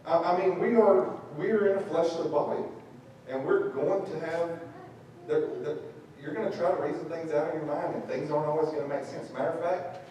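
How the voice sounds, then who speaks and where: Pastor, animated storyteller, mellow voice, distant mic in a reverberant sanctuary. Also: male voice, a little high, fairly quick, slight background noise. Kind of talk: sermon. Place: church sanctuary. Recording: echoey church, far from mic.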